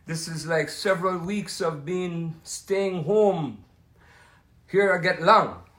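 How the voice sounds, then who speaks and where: An older Jamaican man in his seventies talks through his memories like a showman, with lots of asides and wandering turns. His voice sits a bit high for a man. It rings around an echoey room at home. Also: slow pace, fairly bright tone. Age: 70s. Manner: showman-like, rambling storyteller. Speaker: musician hosting a talk session. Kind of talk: casual reminiscing monologue.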